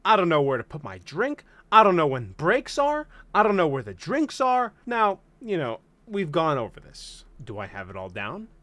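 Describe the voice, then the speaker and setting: A man's voice: on the high side, wildly swooping pitch, moderate pace, few pauses, sharp tone, no room sound. A young man in his twenties giving a comedic vlog rant, dramatic, exaggerated and self-mocking. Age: 20s. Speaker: vlogger.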